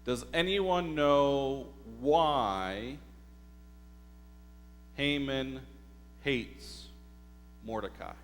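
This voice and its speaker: Male pastor, mid pitch, unhurried sermon delivery with rhetorical questions, church hall reverb, faint mains hum. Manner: slow, deliberate storytelling with rhetorical questions to the congregation. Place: church sanctuary.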